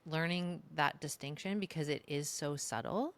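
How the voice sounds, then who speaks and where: A woman's voice: deep voice, moderate pace. A woman co-hosting a podcast, talking through personal growth in reflective casual chat with swearing and filler words. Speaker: podcast co-host.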